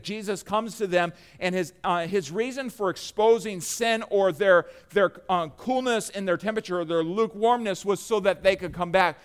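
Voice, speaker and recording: A middle-aged man preaching a sermon in a church, emphatic and swinging between loud and quiet. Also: sits high, smooth. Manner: emphatic preaching, rising and falling in volume. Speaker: pastor. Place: church sanctuary.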